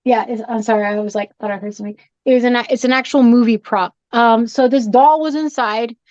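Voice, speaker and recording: A woman guest on a podcast, telling a spooky story in an animated, jumpy way and acting out her own scared reactions. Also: on the high side, a little fast, no room sound. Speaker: guest, shop owner and horror collector. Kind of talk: excited storytelling in a podcast chat. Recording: dull dry podcast audio.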